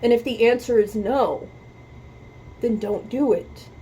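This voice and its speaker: A woman's voice: on the high side, a little slow, mellow, a little hiss or hum, rough recording. A woman hosting a music reaction video, talking earnestly about faith and repeating her points for emphasis, close to tears. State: emotional, near tears. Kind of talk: heartfelt talk to camera about faith.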